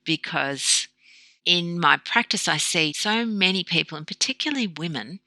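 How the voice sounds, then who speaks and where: A woman talks in a bright, forceful voice with a gravelly edge. She tells stories with analogies and acts out the voices in them. The sound is close and dry. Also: lowish voice, moderate pace, no echo. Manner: animated storyteller who acts out quoted dialogue. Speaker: guest, low-carb practitioner. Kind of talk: conversational interview.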